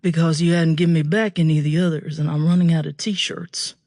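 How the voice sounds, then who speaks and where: A protective young man with a laconic drawl, voiced by a woman narrator. He is gentle and steady, set a bit low. The audiobook sound is dry and close. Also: fairly quick, no echo. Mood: calm.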